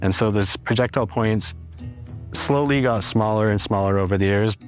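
A man explaining in a steady interview manner, often linking ideas with "and so". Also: lowish voice, normal speed, soft background music.

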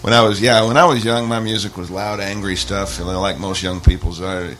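A man in his forties with a lowish but bright, forceful voice tells a rambling, self-deprecating story. He chuckles as he goes, with faint noise behind him. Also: fairly even intonation, a little fast. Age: 40s. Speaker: comedian. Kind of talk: stand-up comedy storytelling.

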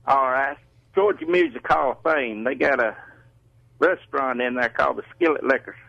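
A man's voice: medium pitch, moderate pace, creaky, sharp tone, dry recording. A man calling in to a radio show, plainspoken and telling a rambling anecdote. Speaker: caller. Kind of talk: casual phone storytelling. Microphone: telephone. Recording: phone line call-in.

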